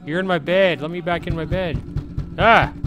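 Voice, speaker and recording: A man's voice: a little high, steady tone, fairly quick, over music. A middle-aged man giving casual let's-play commentary at home, chatty and reading game prompts aloud. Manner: chatty, reads on-screen game text aloud. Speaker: gaming channel host.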